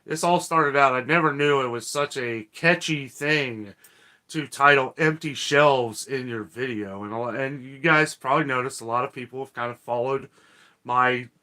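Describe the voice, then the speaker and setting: A man runs a casual live-stream chat, greeting viewers and reading their comments aloud. His voice is bright and forceful, and his manner is folksy and prone to ranting. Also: mid-range voice, moderate pace.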